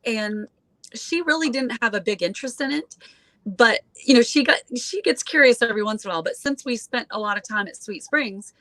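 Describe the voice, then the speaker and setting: A woman in her forties chats through a story as a guest, breaking into little acted voices and filling gaps with easy fillers. Her voice sits a little high. The sound is dry and close with no room around it. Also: animated, a little fast, fairly bright tone, no echo. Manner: chatty, acts out quoted voices, many fillers. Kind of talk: casual anecdote telling.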